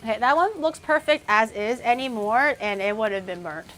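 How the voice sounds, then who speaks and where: Chatty high-voiced woman cooking on stream. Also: lively intonation, moderate pace, a bit bright, soft background music. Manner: chatty, thinks aloud, snaps back at chat. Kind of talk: casual cooking livestream chat.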